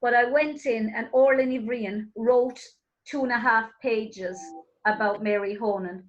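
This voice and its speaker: A woman hosting a relaxed chat show, her voice a little higher than average. She tells lively stories and laughs easily as she talks. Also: a little slow, highs cut off. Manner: lively storyteller, laughs often. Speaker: host. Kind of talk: casual interview chat.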